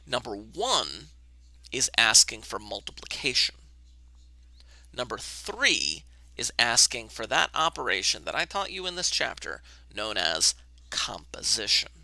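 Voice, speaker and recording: A man's voice: lowish voice, vocal fry, sharp tone, no room sound. A man teaching an online math class, talking casually and thinking aloud as he writes and adjusts his camera, recorded on a webcam. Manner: casual, talks to himself while setting up camera.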